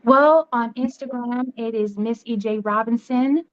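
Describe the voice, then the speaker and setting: A woman's voice: a little high, unhurried, highs cut off. A woman who is a grandmother, a guest author giving earnest, emphatic advice. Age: older.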